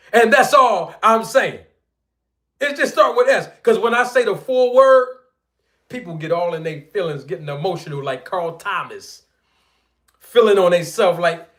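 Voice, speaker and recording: High-voiced playful boxing commentator man. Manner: playful, teasing, animated storytelling with sudden loud and soft swings. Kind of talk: casual commentary to viewers.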